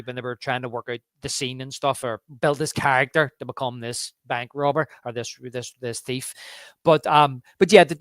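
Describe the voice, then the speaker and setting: A man's voice: mid-range voice, dry recording. A man co-hosting a casual film podcast, telling behind-the-scenes stories with lots of restarts and repeated words. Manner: animated anecdote-telling with frequent restarts. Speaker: podcast co-host.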